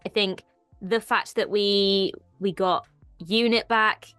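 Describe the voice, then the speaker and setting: A woman's voice: medium pitch, fairly even intonation, slow, fairly bright tone, clear, resonant tone, no echo, soft background music. A woman with an Irish accent co-hosting a casual TV discussion, chatty and enthusiastic. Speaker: co-host.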